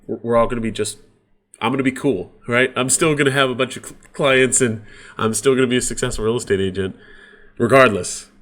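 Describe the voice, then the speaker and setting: A man's voice: medium pitch, fairly quick, fairly bright tone. Casual-talking male sales coach. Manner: casual, conversational, uses sports examples. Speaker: real estate coach. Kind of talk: sales training talk.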